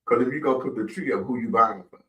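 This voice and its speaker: A man's voice: mid-range voice, quick pace, reverberant, distant mic, noisy background. A man hosting a casual radio talk show, speaking emphatically and repeating himself. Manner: emphatic, repetitive, says "child" often.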